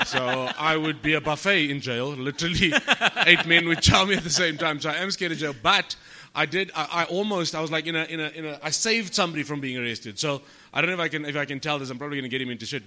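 Man, comedian, bright tense voice, higher than most, lively storytelling, swears. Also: fast talker. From South Africa. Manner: animated storyteller, swears freely, acts out quotes. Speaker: comedian guest. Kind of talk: storytelling podcast chat.

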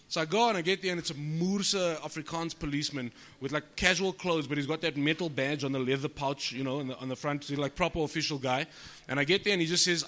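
Comic on a podcast, bright edgy voice, acts out his quotes. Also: on the high side, quick pace. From South Africa. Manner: animated storyteller, swears freely, acts out quotes. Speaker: comedian guest. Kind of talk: storytelling podcast chat.

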